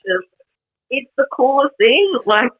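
A woman who is a jiu-jitsu black belt, telling stories in casual podcast chat, animated and peppered with "like" and laughter. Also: high voice, takes it slowly, highs cut off. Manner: animated storytelling, heavy use of "like", frequent laughs.

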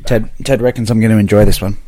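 A man's voice: on the low side, steady tone, fast talker, over music. A man co-hosting a casual podcast, laughing easily and trading playful banter. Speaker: podcast co-host.

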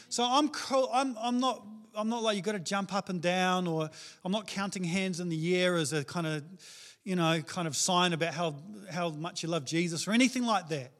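A man's voice: sits high, fairly bright tone. A man with a New Zealand accent preaching a sermon as a pastor, casual and joking in his delivery.

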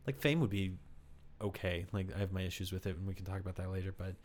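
Male actor, lowish voice, candid, rambling, lots of "like", interview storytelling. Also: flat delivery, fast talker, darkish tone. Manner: candid, rambling with many "like" fillers.

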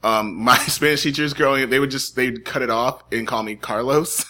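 A man's voice: mid-range voice, normal speed. A man from New England co-hosting a true crime podcast, chatting casually and laughing often as he jokes. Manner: laughs often, animated, joking. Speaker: podcast co-host. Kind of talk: casual chat.

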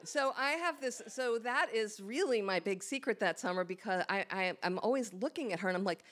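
A woman tells a personal story on stage to a live audience in a small hall. Her voice sits at an ordinary middle pitch, and she is candid and self-mocking as she acts out her own thoughts. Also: lively intonation, brisk, few pauses, a bit bright.

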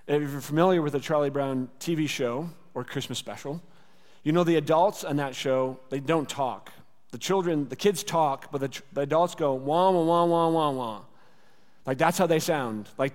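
In a church sanctuary with long hall reverb, a man preaches as pastor, earnest and conversational, leaning heavily on rhetorical repetition. His voice is slightly high and a little mellow.

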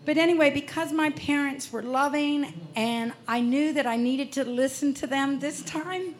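A woman's voice: high-pitched, normal speed. Earnest woman in her sixties testifying. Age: 60s. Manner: earnest, heartfelt storytelling. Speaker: speaker at a Christian festival. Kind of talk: personal testimony talk.

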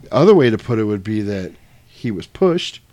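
A man's voice: on the low side, very animated, normal speed, dark tone, dry recording. A man in casual chat, retelling a film scene, acting out the dialogue and swearing freely.

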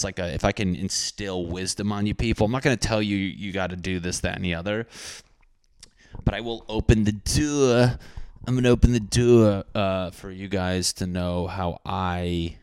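Deep-voiced man ranting crudely. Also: smooth, no room sound, clean studio sound. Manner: profane, excitable, self-mocking. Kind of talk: rambling comedic monologue.

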